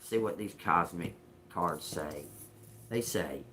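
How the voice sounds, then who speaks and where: A woman's voice: rumbling low, slow, pauses often, a bit bright. A woman doing a live-streamed tarot reading, talking bluntly and profanely with folksy slang and frequent laughter. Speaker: tarot reader.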